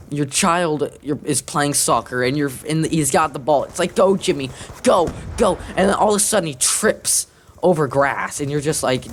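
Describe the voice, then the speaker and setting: A man's voice: mid-range voice, slight background noise. A man telling a rambling, profane story while playing a video game, often laughing and cursing. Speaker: gaming commentator.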